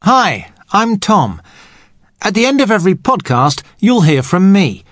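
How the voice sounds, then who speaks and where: A man speaking as an English teacher, giving a scripted lesson in a slow, clear way. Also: high voice, very animated, a bit bright, no room sound.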